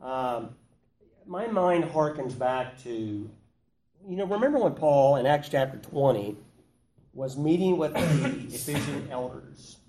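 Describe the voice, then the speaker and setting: A man's voice: mid-range voice, lively intonation, slow pace, warm tone. A man leading an interactive Bible study, teaching conversationally and putting questions to the group. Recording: echoey room with faint noise.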